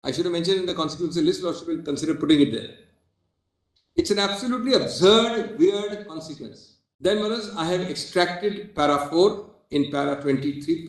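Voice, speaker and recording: A man with an Indian English accent, a senior advocate making a formal, emphatic legal argument in court, often pausing on "well, as". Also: on the high side. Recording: echoey courtroom audio.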